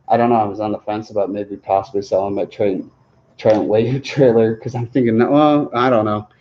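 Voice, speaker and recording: A man's voice: fairly low pitch, a little mellow, highs cut off. A man chatting casually on a livestream Q&A, rambling, chuckling often and restarting his sentences. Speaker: livestream host answering viewer questions.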